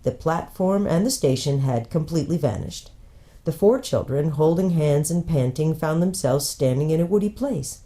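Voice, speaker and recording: A woman pastor reading a children's book aloud in a gentle, unhurried storytelling manner. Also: sits low.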